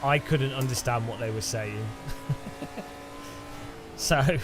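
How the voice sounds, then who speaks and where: A man with an English Midlands accent, chatting casually and excitably while he streams a sim race. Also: medium pitch, takes it slowly. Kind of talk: live-stream chat while sim racing. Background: loud background music.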